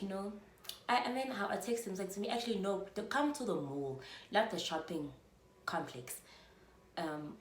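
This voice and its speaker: A South African woman in her twenties telling a storytime vlog, chatty and full of fillers. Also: lowish voice. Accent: South African, mixing in Zulu. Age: 20s. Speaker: vlogger. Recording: roomy echo, faint room noise.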